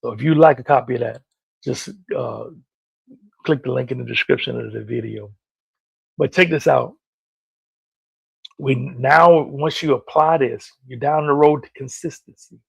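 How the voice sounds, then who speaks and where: A man preaching motivation to camera, emphatic, repeating key phrases and rising to loud peaks. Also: medium pitch, a little slow, gravelly, long pauses, husky, no room sound, lo-fi sound. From North Carolina. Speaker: motivational minister.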